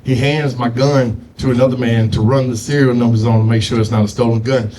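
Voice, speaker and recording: A man's voice: medium pitch, steady tone, a little fast, warm tone, slight background noise. A man doing a stand-up comedy set, telling loose stories with frequent asides to the crowd. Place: comedy showcase stage.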